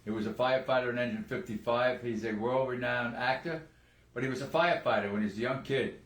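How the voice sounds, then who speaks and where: A man's voice: medium pitch, fast talker, a bit bright, echoey room. An older man, a retired firefighter, co-hosting a live stream and telling stories earnestly. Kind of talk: casual live-stream chat.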